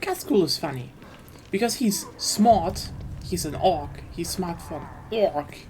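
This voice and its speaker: A woman's voice: fairly low pitch, expressive, unhurried, a little mellow, a little hiss or hum. A woman streaming a game, ranting casually and enthusiastically, with frequent swearing and fillers.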